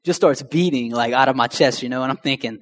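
Speaking quickly in a mid-range voice, a young man shares his personal testimony, slangy and conversational, addressing the crowd directly. A long hall reverb trails his words.

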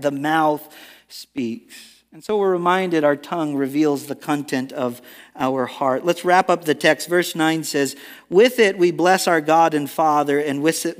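A male pastor preaching a sermon in a church, earnest and emphatic, often restarting his words. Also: on the high side. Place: church sanctuary. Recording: long reverb of a large church hall.

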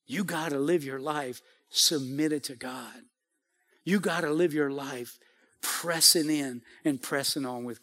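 A male pastor preaching a fervent sermon and altar call in a church, urging and repeating himself and rising to shouts. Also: on the high side. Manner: fervent, repetitive exhortation, builds to shouting. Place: church sanctuary.

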